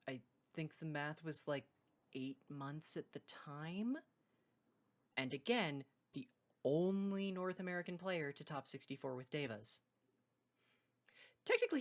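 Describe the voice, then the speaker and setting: A woman hosting a card game video, talking in a loose, rambling way and correcting herself mid-sentence. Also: deep voice. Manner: rambling, self-correcting, laughs between points. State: hiccuping. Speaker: card game video host and tournament judge. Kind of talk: casual unscripted video intro.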